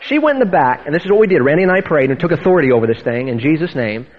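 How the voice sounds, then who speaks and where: A male pastor with a high voice tells a lively testimony from the pulpit, acting out the people in his story. The recording is dull and lo-fi. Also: rapid-fire.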